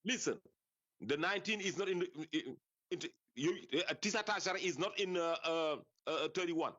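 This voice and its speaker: A man's voice: sits high, moderate pace, fairly bright tone, dull audio. A man calling in to a heated debate show, hesitant and stammering as he defends his reading. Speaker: caller.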